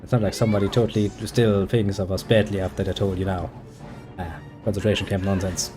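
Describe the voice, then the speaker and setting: A man's voice: deep voice, level tone, fast talker, over music. Sarcastic German man rambling over gameplay. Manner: sarcastic, rambling, frequent swearing. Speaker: gaming streamer. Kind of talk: casual gameplay commentary.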